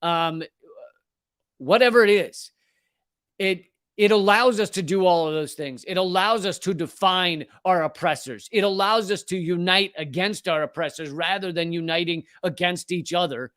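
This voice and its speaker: A man's voice: high voice, normal speed, a bit bright, smooth, no room sound, clean studio sound. A man from the Southern US hosting a comedic political monologue, fiery and profane, often stammering and restarting. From Southern United States. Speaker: comedian host.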